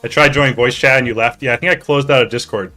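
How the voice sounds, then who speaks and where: Faint music plays beneath a man streaming a hockey league draft, who speaks quickly in a bright, forward, mid-range voice. He addresses his chat directly, joking, excitable, and sometimes swearing.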